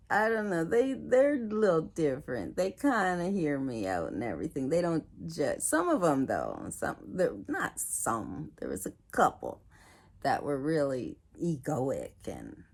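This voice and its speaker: A woman's voice: sits low, a little mellow. A woman talking casually and reflectively to her viewers, laughing often and acting out what other people said to her. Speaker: video host.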